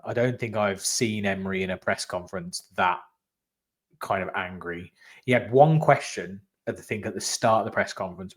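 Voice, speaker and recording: Guy hosting a football podcast, talks in long excited run-on bursts over a video call. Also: fairly low pitch. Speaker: podcast host. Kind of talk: casual football chat.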